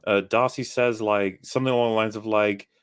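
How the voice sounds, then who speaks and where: A man's voice: lowish voice, steady tone, fairly quick, clear, resonant tone. A man co-hosting a casual film discussion, sarcastic and sweary, acting out his own exasperation. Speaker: podcast co-host.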